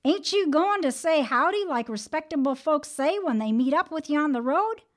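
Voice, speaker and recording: A woman voicing an indignant, hot-tempered male rabbit who hollers in a high folksy drawl. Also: lively intonation, normal speed. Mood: indignant, hollering.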